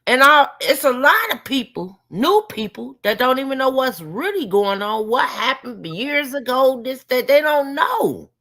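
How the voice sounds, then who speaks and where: A woman's voice: high voice, big pitch swings, a little slow, hardly any pauses, bright, forceful tone. A woman co-hosting a heated stream chat, slangy and emphatic, with slightly slurred speech.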